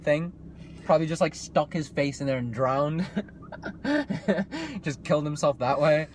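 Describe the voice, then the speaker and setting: A man's voice: a little high, expressive, measured pace, a little hiss or hum. A man co-hosting a casual chat, joking crudely, laughing often and acting out quoted voices. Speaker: co-host.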